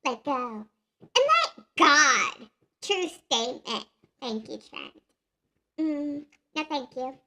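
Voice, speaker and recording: A woman reading comments aloud through a voice changer, making her voice a squeaky, mocking high pitch. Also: takes it slowly, long pauses, pushed and bright, exaggerated voice. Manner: mocking, sing-song. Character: squeaky high filtered comic voice, female adult. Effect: voice changer pitch shift.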